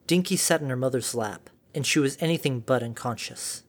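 A man narrating a dark fan story in a measured, dramatic reading. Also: medium pitch.

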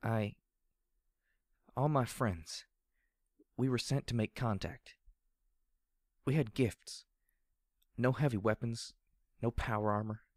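A man voicing a fragile young female pegasus soldier, speaking in a soft, buzzing drawl that turns shaky and halting. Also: mid-range voice, dry recording, studio quality, voice pushed up, lightly acted. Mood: shaky, distressed. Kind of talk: audiobook character reading.

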